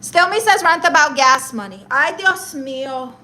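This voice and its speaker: Sassy high-voiced woman streamer. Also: expressive, moderate pace, sharp tone, rough recording. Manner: sassy, mock-arrogant, switches into Spanish. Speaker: live streamer. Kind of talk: live stream chat, roasting viewers.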